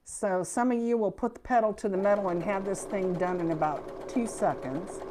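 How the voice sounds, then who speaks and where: A woman's voice: medium pitch, moderate pace, noisy background. A middle-aged woman with a Midwestern American accent, giving a casual, folksy quilting lesson in her sewing room. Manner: chatty, folksy, self-deprecating. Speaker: quilting instructor.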